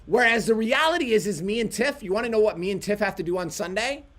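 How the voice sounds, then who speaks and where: A man co-hosting a home livestream, telling a story in a casual, animated way. His voice sits high and swings widely in pitch as he acts out what he and others said. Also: fast. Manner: animated storytelling, quotes himself. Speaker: livestream co-host.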